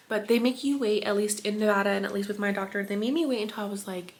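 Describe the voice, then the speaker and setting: Young woman doing a storytime vlog at home, medium pitch, chatty, emotional, says like a lot, laughs a bunch. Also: fairly even intonation, fast. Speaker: vlogger. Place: at home indoors.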